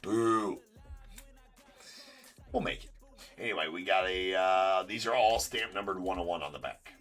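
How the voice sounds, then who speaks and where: A man's voice: low-pitched, unhurried, a bit bright, soft background music. A man hosting a live card break stream, talking casually and teasing viewers in the chat with loose, rambling banter. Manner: teasing, rambling, with frequent laughs and filler words.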